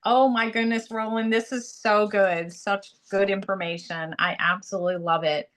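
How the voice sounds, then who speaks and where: A woman's voice: mid-range voice, steady tone, moderate pace, fairly bright tone. A middle-aged woman chatting on a video call, talkative and full of fillers. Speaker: call participant. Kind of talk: casual chat on a video call.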